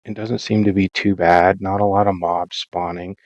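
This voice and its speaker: A man's voice: sits low, flat delivery, moderate pace, a little mellow, dry recording, lo-fi sound. A man narrating his own gameplay in a rambling, self-mocking, dramatized way, in a casual voice-over. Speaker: Minecraft let's-play narrator.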